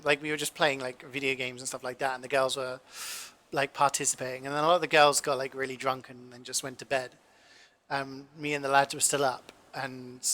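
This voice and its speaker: With a bright, forceful tone in a mid-range voice, a man in his twenties chats while cooking on his stream. He tells rambling, casual stories from his home kitchen, full of fillers and the odd curse word.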